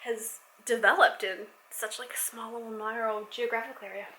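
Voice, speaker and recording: A woman's voice: on the high side, fairly even intonation, moderate pace, noisy background. A woman vlogging from home as a mother, chatting casually and affectionately while folding laundry.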